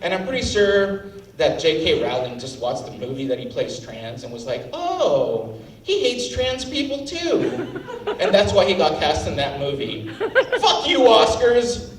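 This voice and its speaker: A man's voice: fairly high pitch, very animated, a little slow, pauses often. Ranting, outraged standup comic man. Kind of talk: standup set. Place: comedy club stage. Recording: roomy live venue, mic at a distance, faint ambience.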